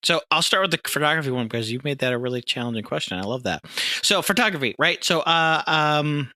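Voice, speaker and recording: Bright-voiced man hosting a chat. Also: on the high side, lively intonation, quick pace, no room sound. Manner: enthusiastic, stammers and restarts. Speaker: podcast host. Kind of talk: casual interview chat.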